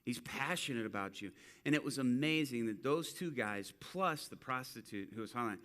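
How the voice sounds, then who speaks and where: A man's voice: medium pitch, normal speed. A man preaching to a church, telling a street-ministry story and acting out the people in it. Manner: animated storyteller acting out quotes. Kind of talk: sermon storytelling.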